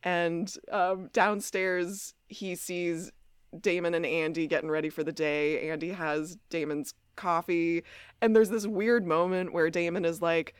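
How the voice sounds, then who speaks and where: A woman's voice: on the low side, fairly even intonation, unhurried, smooth, no echo, clean studio sound. A woman co-hosting a podcast, recapping a TV episode in casual chat and acting out quotes. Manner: chatty, acts out quotes, laughs often. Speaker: podcast co-host.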